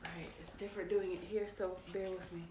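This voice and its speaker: Reading a children's book at bedtime, a woman keeps things playful and talkative, speaking straight to her audience. She has a lowish, level voice and moves fairly quickly. Noise sits in the background of an echoey room with faint ambience.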